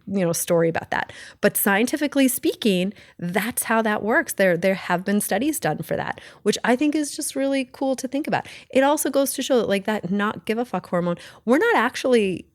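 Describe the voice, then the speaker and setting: A woman's voice: mid-range voice, no echo, clean studio sound. Blunt, chatty middle-aged woman podcaster. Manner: blunt, chatty, rambling with self-corrections. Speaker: podcast host. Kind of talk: casual solo podcast talk.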